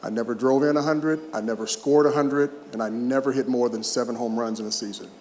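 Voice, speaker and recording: A man's voice: mid-range voice, steady tone, brisk, a little mellow. A man around sixty, a retired baseball player, giving an emotional, humorous speech with personal anecdotes at a podium. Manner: emotional, humorous storyteller who chokes up at times. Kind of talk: heartfelt public speech with anecdotes. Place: large event hall. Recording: echoey hall, faint ambience.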